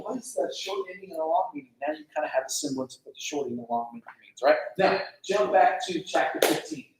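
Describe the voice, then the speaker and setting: A man teaching a casual Bible lesson to students, animated, asking the class questions and acting out quotes. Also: sits high. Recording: echoey room, mic far off.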